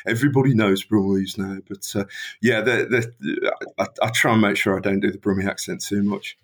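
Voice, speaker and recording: A man's voice: lowish voice, steady tone, fairly quick, fairly bright tone. A middle-aged man with a Birmingham accent, a professor answering interview questions in long, thoughtful, rambling sentences. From Birmingham, England. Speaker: guest, criminology professor. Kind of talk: conversational interview.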